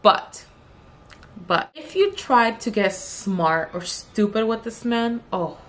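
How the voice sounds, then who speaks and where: A young woman tells a story from her job in a loose, chatty way. She drops the odd curse and speaks straight to her viewers. When she acts out what someone said, her pitch jumps up. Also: takes it slowly. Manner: animated, acts out the customer's lines with raised pitch; swears casually, addresses viewers as "you guys". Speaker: beauty vlogger telling a story. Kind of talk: casual storytime while doing makeup.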